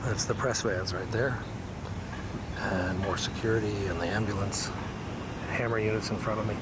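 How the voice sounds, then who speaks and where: A man's voice: fairly low pitch, steady tone, normal speed. A man from the United States chatting straight to his viewers in a casual vlog while out walking and driving. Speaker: vlogger. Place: outdoors on city streets and in a car. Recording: outdoor street and traffic noise.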